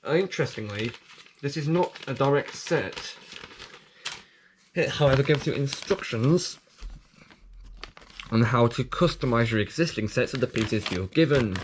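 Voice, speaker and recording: Man, casual unboxing vlogger, mid-pitched, rambling and hesitant, recovering from a cough, faint packaging rustle. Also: noisy background. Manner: rambling, hesitant, many fillers and restarts. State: getting over a cough.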